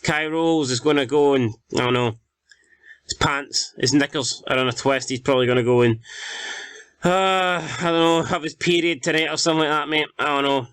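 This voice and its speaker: A young Scottish man, a gaming YouTuber, commentates casually on his football manager game, swearing in exasperation as he calls the action. His voice sits on the high side, smooth and fairly bright, at a moderate pace with no echo.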